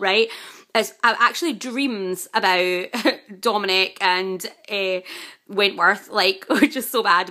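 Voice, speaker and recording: Chatty woman gushing about TV. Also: medium pitch. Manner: chatty and excitable, self-described chatterbox; gushing, exasperated outbursts with frequent fillers. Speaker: vlogger reviewing a TV series. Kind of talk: casual chat.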